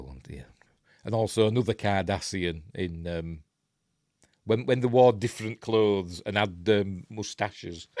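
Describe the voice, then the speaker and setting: Middle-aged Yorkshire man, low-ish lively voice, dry close sound, chatty film-review host. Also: no echo. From Yorkshire, England. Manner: rambling, chuckling asides, many fillers. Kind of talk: casual film breakdown, chatting with live viewers.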